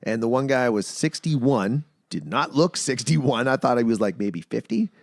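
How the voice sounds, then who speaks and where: A man's voice: medium pitch, expressive, moderate pace, no echo, studio quality. A man from Manitoba hosting a casual podcast chat, telling stories and acting out the people he quotes. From Manitoba, Canada. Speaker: podcast host.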